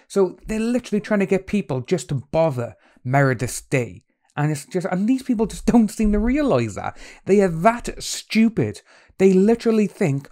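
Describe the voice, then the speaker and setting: A man in a commentary video, ranting with exasperation and scorn. His voice sits a little higher than most men's. He talks in a blunt, dismissive way. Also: very animated, moderate pace, a little mellow. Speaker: commentary channel host. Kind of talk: opinionated commentary.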